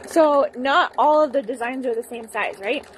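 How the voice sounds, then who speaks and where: Higher-voiced woman co-hosting a sewing livestream. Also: moderate pace, slight background noise. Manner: friendly, encouraging, explains details. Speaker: co-host. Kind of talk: livestream product demo chat. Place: sewing shop studio.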